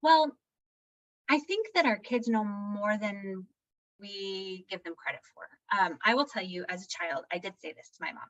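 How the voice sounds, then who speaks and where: Middle-aged woman, parenting guest, reflective, animated quotes, mid pitch. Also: normal speed, dull audio. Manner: warm, reflective, acts out quotes with shifts in pitch. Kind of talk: answering audience questions.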